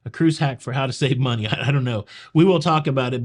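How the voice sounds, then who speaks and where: A man's voice: mid-range voice, fast talker. A man from the American South with a Southern accent, hosting a cruise news show in a joking, wisecracking way and talking straight to viewers. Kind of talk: casual news commentary.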